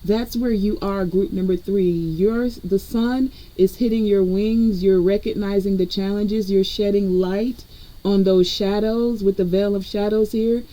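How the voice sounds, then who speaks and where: A woman's voice: medium pitch, steady tone, unhurried, warm tone, rough recording. A woman energy reader giving a collective spiritual reading in a conversational way, talking straight to her viewers. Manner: conversational, addresses viewers directly.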